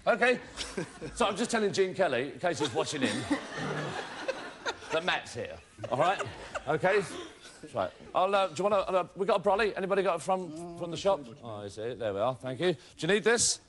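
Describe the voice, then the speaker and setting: A man's voice: fairly high pitch, expressive, brisk, a crowd in the background. A man hosting a game show in a TV studio, teasing his guests with jokey banter. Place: TV studio with a live audience. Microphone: body mic. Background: studio audience.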